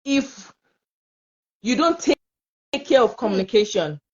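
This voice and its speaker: A woman with a Nigerian English accent, talking in a casual panel conversation as an expressive, laughing storyteller. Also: medium pitch, unhurried, muffled recording. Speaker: panel guest.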